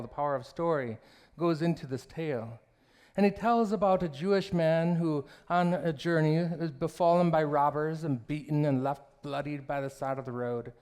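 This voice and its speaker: Mellow-voiced man preaching a sermon. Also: fairly high pitch, smooth. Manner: storytelling, retelling parables with quoted dialogue; measured, slowing down on key phrases. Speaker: minister. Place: church sanctuary.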